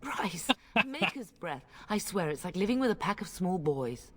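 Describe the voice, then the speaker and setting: An actress playing a noble mother in a fantasy game, affectionate and gently sardonic. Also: on the low side, sing-song, moderate pace, a crowd in the background. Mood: fond wry. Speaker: game character.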